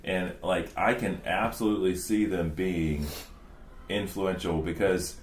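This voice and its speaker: A man's voice: low-pitched, steady tone, unhurried, slight background noise. A man in his forties co-hosting a podcast, chatting casually and rambling with lots of "like" and "you know". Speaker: podcast co-host. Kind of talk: casual chat. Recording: echoey room.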